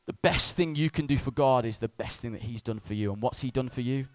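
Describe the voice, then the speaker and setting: A male pastor preaching a sermon, moving from loud urgent appeals to hushed near-whispers, with conversational asides and gentle humor. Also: medium pitch, quick pace, hardly any pauses, no room sound. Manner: swings between loud urgent exhortation and soft near-whisper.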